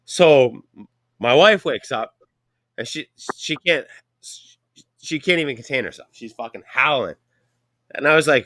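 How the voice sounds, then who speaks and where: A man's voice: medium pitch, moderate pace, fairly bright tone, no echo, clean studio sound. A man with a Canadian accent hosting a casual chat, telling a rambling story full of profanity. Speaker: podcast host.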